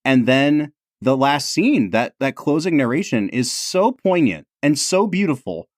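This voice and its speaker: A man co-hosting a podcast in casual chat, earnest and excitable, filling his talk with "like". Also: mid-range voice, unhurried, no room sound, clean studio sound. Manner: earnest, excitable, says "like" a lot. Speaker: podcast co-host.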